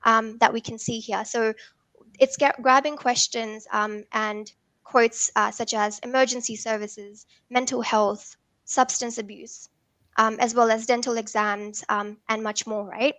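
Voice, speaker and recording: A woman talks through a technical workshop, pitched a touch high. She explains patiently and leans on frequent ums and uhs. The sound is close and dry. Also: steady tone, unhurried, a bit bright, no echo. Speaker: workshop presenter.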